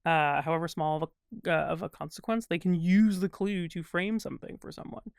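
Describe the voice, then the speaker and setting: A man chatting as a guest in an interview, thinking out loud in long, winding sentences full of fillers. His voice has a gravelly fry but stays smooth and resonant underneath. The sound is dry and close. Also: on the high side, fairly quick, no echo. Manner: thoughtful, rambling with many fillers. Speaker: guest crossword constructor. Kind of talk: casual interview conversation.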